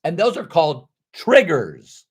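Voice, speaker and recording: A middle-aged man speaking as a motivational speaker, telling a personal story candidly, with sudden loud animated bursts. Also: a little high, unhurried, breathy edge.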